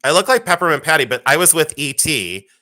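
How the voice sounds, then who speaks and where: A woman's voice: low voice, very animated, fast talker, bright, forceful tone. A middle-aged woman hosting a livestream sale, chatting casually and teasing herself as she shows old photos. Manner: chatty, self-mocking, playful. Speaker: livestream jewelry sale host.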